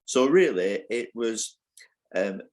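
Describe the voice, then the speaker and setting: A man's voice: lowish voice, animated, takes it slowly. An older man answering interview questions, thoughtful and hesitant, with frequent fillers. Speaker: interview guest, university training head.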